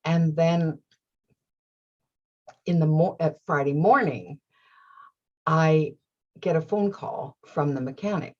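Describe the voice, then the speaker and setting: A middle-aged woman hosts and tells her viewers a personal story, laughing often and voicing her own inner thoughts. She speaks slowly with long pauses, and her low voice is a touch husky and a little mellow. The recording sounds a little dull.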